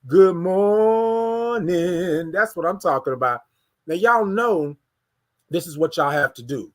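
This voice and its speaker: A man from Houston hosting a casual morning livestream, greeting viewers and hyping up the chat. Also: fairly high pitch. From Houston, Texas. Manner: energetic, hypes the chat, drawn-out sung greetings. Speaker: livestream morning show host.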